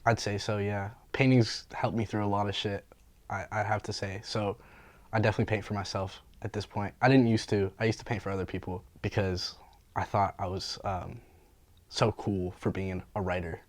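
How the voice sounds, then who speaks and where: A man's voice: on the low side, normal speed, no room sound. A young man from the Bay Area, a graffiti artist and painter, telling stories in a casual interview with lots of slang, swearing and laughter. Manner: animated, profane, laughs often, slangy.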